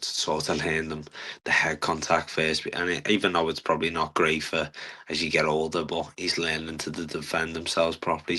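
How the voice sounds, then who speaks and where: A young man, a fighter talking earnestly in a casual interview, halting often with fillers. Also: a bass voice, pushed and bright. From England. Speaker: guest fighter.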